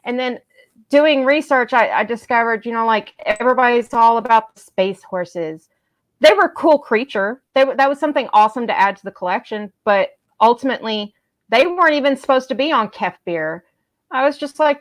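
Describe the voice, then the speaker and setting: Animated woman telling a fan story. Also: on the high side, fairly quick. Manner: animated storyteller, acts out quoted people. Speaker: live chat co-host. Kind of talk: casual fan chat.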